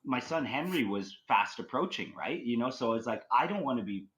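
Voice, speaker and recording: A man's voice: medium pitch, expressive, normal speed, a bit bright, rough recording. A man from Canada, a guest on a podcast, telling a story casually and rambling with lots of fillers. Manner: rambling, with many "like" and "you know" fillers.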